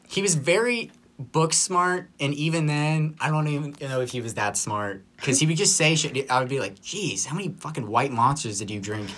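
A man's voice: on the high side, a bit bright, a little hiss or hum. A young man co-hosting a podcast, casually telling a story and swearing freely. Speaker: podcast co-host. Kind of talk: casual chat.

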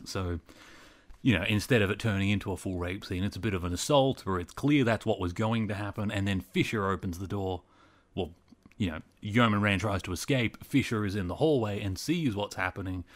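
A man hosting a podcast, recapping an episode in a chatty way with lots of fillers. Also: fairly low pitch. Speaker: podcast host.

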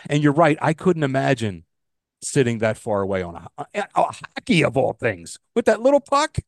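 A man's voice: mid-range voice, animated, normal speed, no echo, clean studio sound. An older man, co-hosting a podcast in casual, rambling, emphatic chat. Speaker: podcast co-host.

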